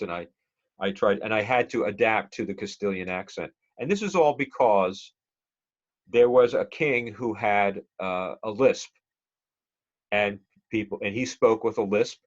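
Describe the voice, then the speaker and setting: A man's voice: lowish voice, highs cut off. A male instructor giving a conversational, digressive classroom lecture and quizzing the class with questions.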